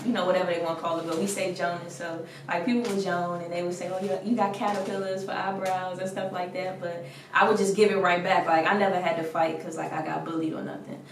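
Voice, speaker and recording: A woman's voice: fairly low pitch, little pitch movement, quick pace, few pauses, distant mic. A young woman talks in a casual, blunt way, laughing often and leaning on "like." She sits a bit back from the mic in an echoey room with faint noise behind her. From Washington DC area. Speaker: rapper guest. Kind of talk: casual interview.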